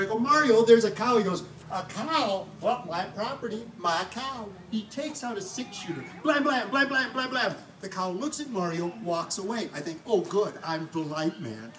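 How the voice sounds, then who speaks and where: A man telling a personal story on stage with comic timing, acting out the dialogue. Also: sits high. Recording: echoey room, heard from a distance, audible noise.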